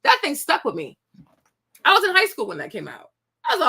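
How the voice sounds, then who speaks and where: A woman in her thirties hosting a commentary show, talking casually to viewers, animated and repetitive, often laughing. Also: sits high, fairly quick.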